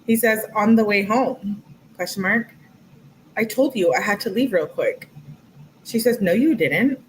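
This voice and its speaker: A woman's voice: medium pitch, expressive, measured pace, slight background noise, low-quality recording. A young woman casually reading text messages aloud on a livestream, adding her own comments as she goes. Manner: chatty, reads quotes aloud with commentary asides. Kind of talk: casual livestream read-through.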